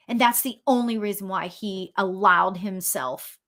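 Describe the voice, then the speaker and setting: A woman working as a medium, giving a chatty, excitable spirit reading full of fillers and restarts. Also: mid-range voice, unhurried, hardly any pauses. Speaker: psychic medium. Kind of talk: live spirit reading for viewers.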